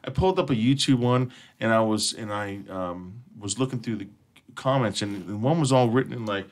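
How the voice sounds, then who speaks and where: A man's voice: lowish voice, fairly quick. A man hosting an internet radio show, chatting casually with his co-hosts, laughing often, rambling and swearing freely. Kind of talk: casual chat.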